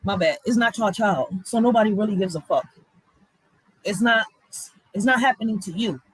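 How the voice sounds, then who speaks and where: A woman's voice: mid-range voice, normal speed, slightly rough, dry recording, rough recording. A woman commenting on news clips in a blunt, profane, heated way. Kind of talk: casual live commentary.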